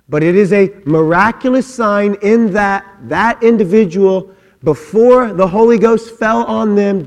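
Male pastor, high voice, lively joking sermon, church hall echo. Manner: animated, joking asides, many quick restarts. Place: church sanctuary. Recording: long hall reverb.

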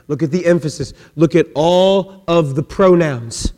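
A man preaching a sermon, swinging between impassioned shouting and hushed intensity. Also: fairly high pitch, measured pace. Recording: long reverb of a large hall.

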